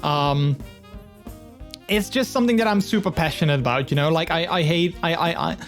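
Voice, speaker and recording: A man's voice: on the high side, moderate pace, soft background music. A man streaming live, chatting with his viewers in a rambling, earnest way full of fillers. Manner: open and earnest. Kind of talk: casual live-stream chat.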